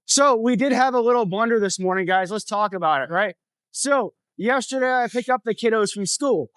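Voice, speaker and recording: A man's voice: very high voice, fairly bright tone, clean tone, no room sound. A man in his thirties vlogging from his motorcycle, telling a story in a blunt, profane, casual way. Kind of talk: casual vlog talk while riding. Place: on a motorcycle on the road.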